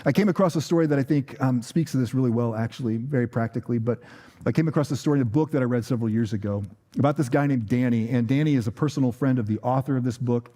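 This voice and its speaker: A man's voice: medium pitch, fast, mellow. A man preaching a sermon as a pastor, telling a story in a loose, conversational way with fillers and repeated words. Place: church.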